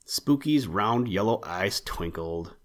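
Low-voiced male storybook narrator. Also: lively intonation, slow pace.

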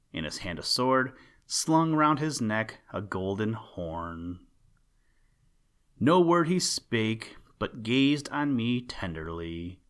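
A man reading the lines of a sad, dreamy young princess in a low, gentle way. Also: heavily acted.

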